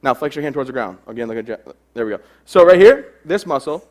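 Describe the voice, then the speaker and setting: A man's voice: medium pitch, animated, quick pace, a little mellow. A young adult man giving a humorous stage talk to a live audience, telling self-deprecating stories. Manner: joking, self-deprecating storyteller. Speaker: keynote speaker.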